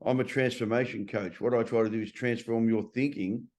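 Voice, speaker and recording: A man's voice: medium pitch, fairly even intonation, a little fast, a little mellow. A middle-aged man in a casual interview. He is a transformation coach who talks bluntly and swears freely.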